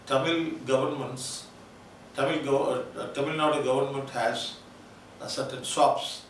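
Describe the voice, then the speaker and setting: A man's voice: mid-range voice, steady tone, a little slow, slight background noise. A man lecturing on linguistics in Telugu-accented English, spelling words out letter by letter and repeating key terms, sometimes switching into Telugu. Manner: switches between English and Telugu mid-sentence. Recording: very echoey room, voice from far off.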